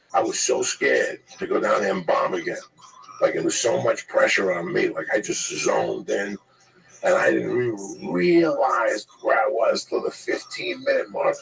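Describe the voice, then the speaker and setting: A man telling a profane, animated comedy story and acting out the voices of the people in it, as if on a podcast. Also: mid-range voice, gravelly, recorded from a distance, poor audio. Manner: profane, rapid, acts out the voices.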